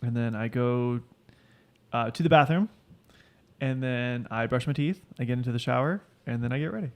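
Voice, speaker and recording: A man's voice: medium pitch, normal speed. A young man guesting on a casual podcast, joking and telling stories loosely with many fillers.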